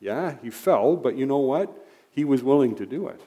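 Male pastor, mid-pitched voice, chatty sermon delivery. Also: animated, moderate pace, warm tone. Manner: conversational, frequent "right?" and "you know" asides. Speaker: preacher.

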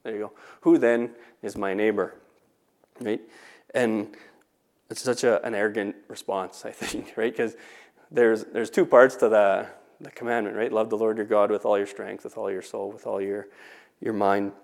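A man's voice: lowish voice, flat delivery, moderate pace, gravelly, a little mellow. A man, a teacher, talking casually about faith, often restarting words and checking in with "right?". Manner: conversational, frequent "right?" and restarts.

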